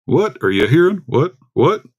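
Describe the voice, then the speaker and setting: A man's voice: fairly high pitch, very animated, normal speed, a little mellow. A man hosting a casual livestream from home into a desktop microphone, rambling and chatty as he greets viewers by name. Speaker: livestream host. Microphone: desktop USB microphone.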